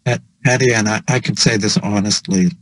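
A man's voice: lowish voice, fairly even intonation, a little fast, dry recording, rough recording. A man hosting on a video call, asking questions with many stammers and repeated words. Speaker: host. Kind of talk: casual interview.

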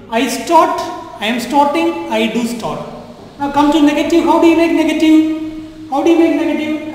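Male French teacher, high voice, slow and repetitive, recorded in a very echoey room with long reverb. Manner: repetitive, drilling, asks "understand?". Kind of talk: classroom-style language lesson.

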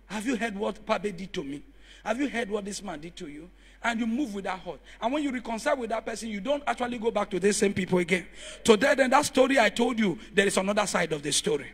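A man preaching a sermon in church, telling stories and rising to shouts as he calls on the congregation. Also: high-pitched, breathy edge. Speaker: pastor.

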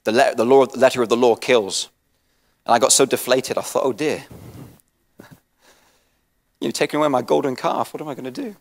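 An English man preaching a sermon as pastor, swinging from soft and low to loud and passionate, often repeating and restarting words. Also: long reverb tail. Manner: restarts and repeats words, self-deprecating asides.

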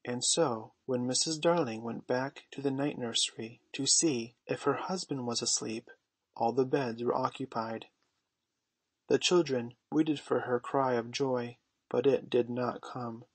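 A man narrating a storybook in a measured, gentle way. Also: mid-range voice, fairly even intonation, no room sound. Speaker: audiobook narrator.

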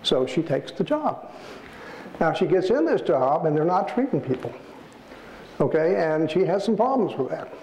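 A man, an author, giving a storytelling lecture in an animated way, acting out the people in his stories. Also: a little high, moderate pace, slight background noise. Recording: echoey hall, faint ambience.

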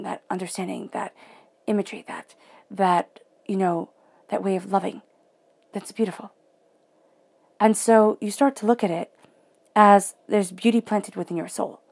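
A woman giving a guided tarot reading in a soft, emotional way, often dropping into near-whispers. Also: medium pitch, gravelly, breathy edge. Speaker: tarot reader.

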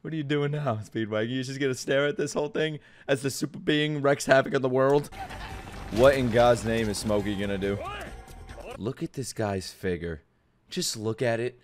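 A man reacting to an anime episode, talking back at the screen in excited bursts, joking, swearing and laughing. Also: medium pitch, moderate pace, soft background music. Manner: excitable, shouting outbursts and swearing; jokey running commentary, laughs often. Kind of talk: live reaction commentary.

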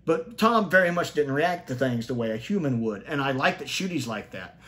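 Animated and brisk, a man with a fairly bright tone chats through a TV episode review full of opinions. He reasons out loud, restarts frequently and jumps up in pitch to stress key points.

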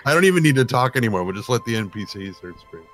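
Man, voice actor, casual stream banter, very lively intonation, playful. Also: medium pitch, rapid-fire, over music. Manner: animated, joking, with laughter. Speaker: voice actor on a modding team stream.

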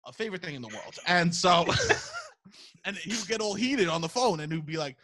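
Loud, animated man in his thirties. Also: high-pitched, a little fast. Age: 30s. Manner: loud, profane, animated storytelling. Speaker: podcast host. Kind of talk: casual chat.

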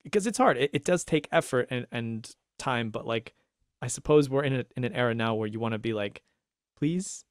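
A man co-hosting a casual podcast discussion, talking in an animated, rambling way with restarts and laughs. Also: mid-range voice, fairly quick, smooth, no echo, studio quality. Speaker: podcast co-host.

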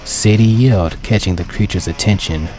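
A man reading his own dark pony fan story aloud as the narrator, in a steady, plain storytelling manner. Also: on the low side, moderate pace, music in the background.

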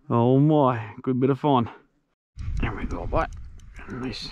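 A man on a pond in a kayak, giving casual running commentary while fishing and calling excitedly to his dog and his viewers. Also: medium pitch, drawn-out words, slightly rough, no echo, highs cut off. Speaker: outdoors vlogger.

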